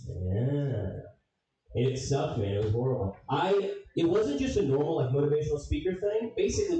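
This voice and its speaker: A young man doing a stand-up comedy set, telling a story with swearing and loud funny voices. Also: fairly high pitch. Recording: echoey room, distant mic.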